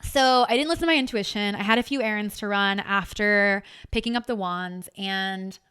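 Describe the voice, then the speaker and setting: A woman hosting a podcast, telling a personal story in a candid, animated way and swearing freely as she goes. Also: medium pitch, normal speed, smooth. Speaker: podcast host. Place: home.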